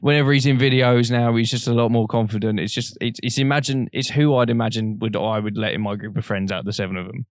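A young man co-hosting a podcast, chatting casually, swearing often and telling animated stories. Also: medium pitch, quick pace, hardly any pauses, dry recording, clean studio sound. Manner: swears a lot, animated storytelling. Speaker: podcast co-host. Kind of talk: casual chat.

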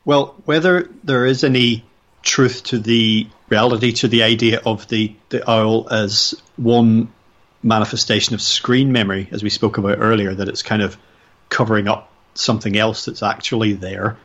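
A man hosting an interview, speaking in a measured, articulate way. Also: on the low side, steady tone, a bit bright, muffled recording. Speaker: podcast host. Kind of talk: interview questions and reflections.

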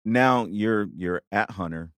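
A man hosting a podcast in casual chat, relaxed as he shares a story and invites his guests to talk. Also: fairly low pitch, takes it slowly, no room sound. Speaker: podcast host.

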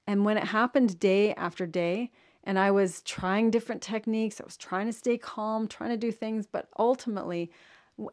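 A woman coaching leaders on communication in an earnest, steady instructional monologue, repeating and stressing key words. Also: mid-range voice.

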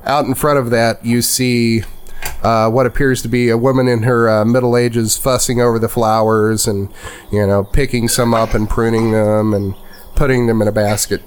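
A man's voice: medium pitch, level tone, normal speed. Guy dm rambling through scene descriptions, lots of uh and you know, faint hiss behind. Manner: rambling, filler-heavy description. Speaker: game master. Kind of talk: narrating a tabletop game.

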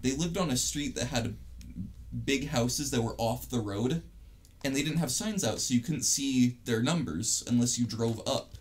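A man's voice: mid-range voice, moderate pace. A young man telling a story in casual chat, rambling and swearing with lots of restarts. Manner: rambling, profane, many restarts.

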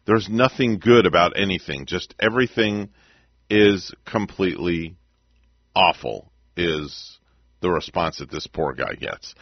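A man hosts a small-town morning radio show in a husky, low voice that swings freely in pitch. His talk is loose and rambling, and the sound is dry and dull, like an older broadcast. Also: dry recording. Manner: chatty, rambling, laughs along with clips.

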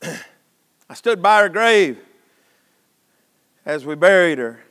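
Preacher guy, folksy, high bright voice, loud then quiet, big church echo. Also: expressive, takes it slowly. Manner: folksy and impassioned, swinging from shouts to hushed tones. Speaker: pastor. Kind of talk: sermon. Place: church sanctuary. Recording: long hall reverb.

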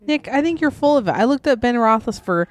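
A woman's voice: fairly high pitch, expressive, quick pace. A woman co-hosting a casual chat, blunt, mocking and profane.

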